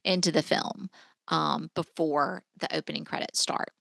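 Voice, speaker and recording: Chatty woman podcaster, low voice. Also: fairly even intonation, moderate pace, vocal fry, a bit bright, dry recording. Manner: chatty, recaps scenes with many fillers. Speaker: podcast co-host. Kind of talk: casual movie discussion.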